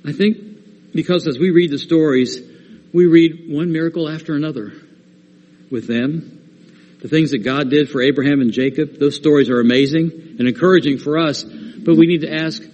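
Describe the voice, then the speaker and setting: A man's voice: on the high side, a little mellow, in a large hall, dull audio. A man preaching a sermon, earnest and rising to emphatic stress when he quotes scripture.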